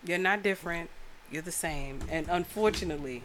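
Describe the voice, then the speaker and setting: A woman's voice: lowish voice, fairly quick, slight background noise. A woman, co-hosting a podcast in casual, blunt, profane banter. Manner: blunt, animated, profane storytelling. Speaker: podcast co-host.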